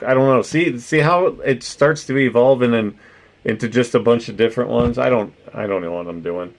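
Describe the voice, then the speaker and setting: A man's voice: medium pitch, moderate pace, vocal fry. A man chatting casually with viewers on a stream, rambling, swearing freely and laughing often, with no particular accent. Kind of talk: casual livestream chat.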